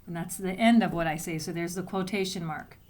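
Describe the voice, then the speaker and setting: A woman's voice: lowish voice, a little fast, a little mellow. A woman teacher giving a recorded writing lesson to young students, patiently explaining step by step and sounding out letters. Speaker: elementary school teacher.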